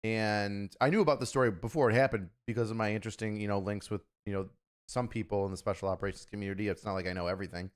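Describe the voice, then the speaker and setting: A man's voice: fairly low pitch, rapid-fire, clean tone. Profane, fired-up male stream host. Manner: profane, animated when ranting, acts out quoted voices. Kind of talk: casual talk commentary.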